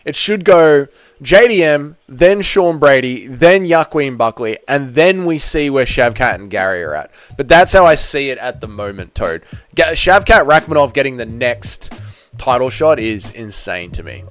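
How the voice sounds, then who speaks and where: A man's voice: mid-range voice, expressive, normal speed. A man hosting a casual live stream, reading chat and giving opinionated takes with frequent stumbling restarts.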